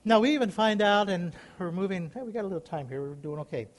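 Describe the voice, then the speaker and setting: A man's voice: high voice, lively intonation, quick pace. A middle-aged male pastor preaching a sermon, rising into emphatic calls and questions to the congregation.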